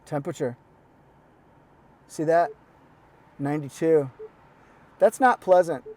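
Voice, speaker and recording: Male car reviewer, casual and quirky, fairly high voice, lapel mic inside a car. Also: slow, darkish tone. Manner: chatty, quirky, jokey asides. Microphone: lapel mic pack.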